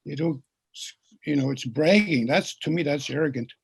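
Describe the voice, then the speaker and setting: Gravelly, husky storytelling man. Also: a little high, normal speed. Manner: gentle storyteller who has listeners repeat words. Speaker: guest speaker and pipe keeper. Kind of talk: storytelling teaching talk.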